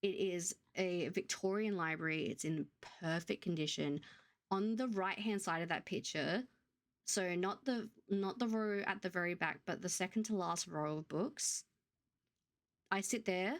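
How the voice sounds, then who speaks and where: A young Australian woman chatting casually on her live stream, rambling and full of fillers. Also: fairly low pitch. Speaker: writing streamer.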